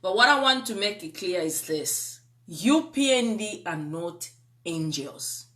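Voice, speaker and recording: A woman's voice: lowish voice, animated, measured pace, a bit bright. A young adult woman with a Zambian accent giving live-streamed political commentary. She speaks emphatically, repeats herself, asks viewers rhetorical questions and mixes in local-language phrases.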